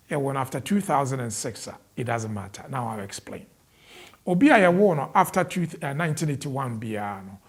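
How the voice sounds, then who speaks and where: A man's voice: medium pitch, creaky, husky. A man with a Ghanaian accent, an immigration adviser explaining the rules to an interviewer and slipping English legal terms into his Twi.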